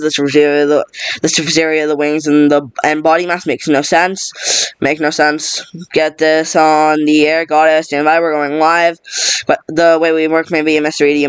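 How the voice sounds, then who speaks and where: Fast-talking man racing through a script. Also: a little high, clean tone, no echo. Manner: rushed, stumbling reading with restarts. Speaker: script reader.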